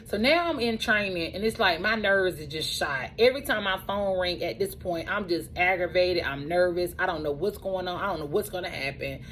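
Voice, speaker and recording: Animated woman telling her story, low voice. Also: normal speed, few pauses, a little hiss or hum, rough recording. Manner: animated, repeats phrases for emphasis. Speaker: truck driving school owner and instructor. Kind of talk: casual personal storytelling.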